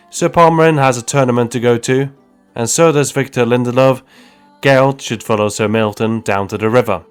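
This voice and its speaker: A man's voice: medium pitch, clear, resonant tone. A man narrating a humorous video game story recap with wry, joking asides. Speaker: YouTube narrator.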